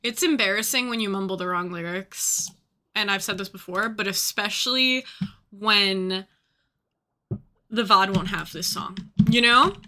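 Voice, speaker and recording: Streaming a game, a young woman rambles in casual chat filled with fillers. She speaks unhurriedly in a medium-pitched voice with a bright, forceful tone.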